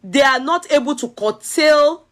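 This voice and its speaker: A woman's voice: high-pitched, a little slow. Yoruba-accented Nigerian woman chatting. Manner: mixes English with Yoruba, questioning, laughs often. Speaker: commentator. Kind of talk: casual chat.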